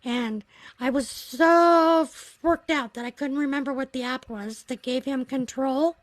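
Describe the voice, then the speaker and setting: A woman with a fairly high voice talks through a personal story on her livestream. She speaks earnestly and reflectively. The sound is dry and close, with no room echo. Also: measured pace. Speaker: livestream host. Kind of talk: casual storytelling.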